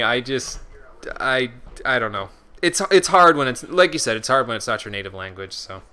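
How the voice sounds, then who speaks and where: A man's voice: medium pitch, expressive, a little fast, pushed and bright, smooth. A man streaming a video game, reading menu text aloud and chatting casually with his viewers. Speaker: gaming streamer. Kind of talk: casual let's-play commentary.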